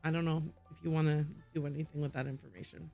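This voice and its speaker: A woman's voice: low voice, little pitch movement, quick pace, gravelly, warm tone, lo-fi sound, soft background music. Chatty, giggly woman game streamer. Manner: giggly, self-deprecating, chatty. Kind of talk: live gaming commentary.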